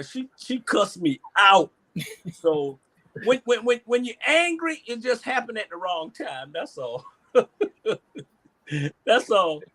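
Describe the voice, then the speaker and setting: A man's voice: very high voice, pushed and bright. A man and former coach telling a story on a video-call sports panel, laughing often and peppering his speech with "man" and "hey".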